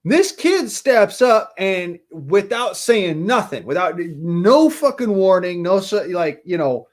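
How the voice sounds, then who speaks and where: A man's voice: high voice, very animated, takes it slowly. A man from Utah in casual chat, telling a rambling childhood story and cursing freely.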